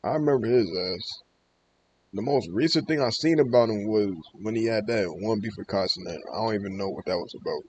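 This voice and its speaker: A man's voice: lowish voice, brisk, a little mellow, a little hiss or hum. A man hosting a reaction video, chatting casually in a loose, slangy way and often hedging his words. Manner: loose, slangy, hedging with "I ain't gonna lie".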